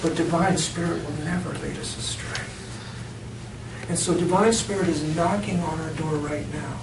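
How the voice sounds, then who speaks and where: A man's voice: a little high, steady tone, moderate pace. A middle-aged man, a reverend, telling a personal story within a sermon and laughing often as he goes. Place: church sanctuary. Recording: echoey church from far off, noisy.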